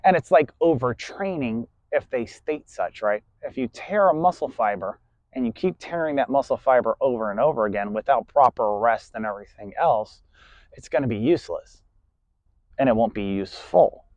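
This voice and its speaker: A man's voice: mid-range voice, lively intonation, normal speed, a little mellow, dry recording, muffled recording. A man lecturing a class in a blunt, preachy way, swearing freely and tagging points with "right?". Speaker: class instructor. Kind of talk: lecturing monologue.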